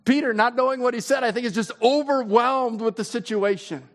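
A man preaching a sermon in a conversational way, his voice climbing when he gets excited. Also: very high voice, brisk. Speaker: pastor.

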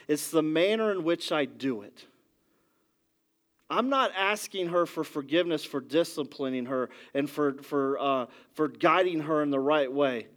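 Preaching man, loud then hushed. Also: on the high side. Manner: conversational preaching with frequent "ready?" check-ins; swings from loud emphasis to quiet, soft asides. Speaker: pastor. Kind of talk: sermon.

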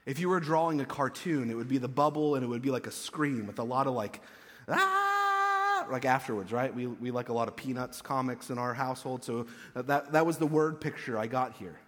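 A man preaching a conversational sermon as pastor, casual and animated, now and then acting out what he quotes. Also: mid-range voice, fairly quick, few pauses. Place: church. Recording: echoey church hall.

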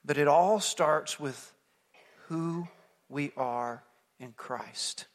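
A male pastor preaches from the pulpit, his slightly high voice carrying a long reverb tail through the sanctuary. He tells stories earnestly, swelling to emphatic points and then sinking to near-quiet asides. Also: extremely slow. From United States. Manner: storytelling, earnest, builds to emphatic points then drops soft. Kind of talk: sermon. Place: church sanctuary.

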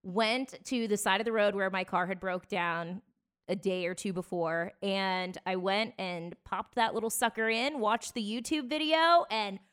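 A chatty woman co-hosting a casual podcast. She tells stories with an easy laugh in a middle-pitched voice. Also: unhurried, a bit bright, clean tone. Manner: chatty storyteller, laughs easily. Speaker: podcast co-host. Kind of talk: casual chat.

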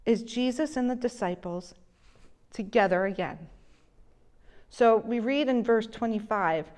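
A woman preaches a sermon at an unhurried pace, her voice sitting a little high. She speaks gently and lets her voice fall soft and low whenever she quotes someone. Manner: slow, gentle delivery, drops soft and low when quoting.

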